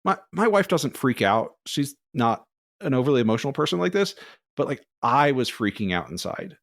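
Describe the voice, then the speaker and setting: Man, podcast co-host, casual storytelling, animated, mid-pitched, dry sound. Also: moderate pace, no echo. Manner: rambling, animated, acts out quoted voices.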